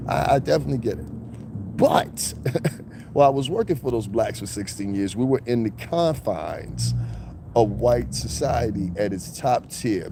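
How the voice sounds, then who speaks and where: A man's voice: on the low side, background noise. A middle-aged man with a New York accent, ranting casually and animatedly on a live stream, outdoors in the snow. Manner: animated, profane, slips into mocking impressions.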